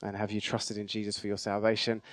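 A man's voice: lowish voice, monotone, fast, no echo. A man, a church leader giving a casual, self-deprecating talk to his congregation. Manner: chatty, self-deprecating storyteller.

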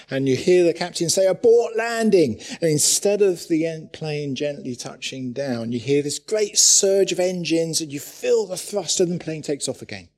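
A man preaching a sermon in a church, telling stories with animated, urgent bursts. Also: on the high side. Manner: animated storytelling with sudden loud urgent bursts.

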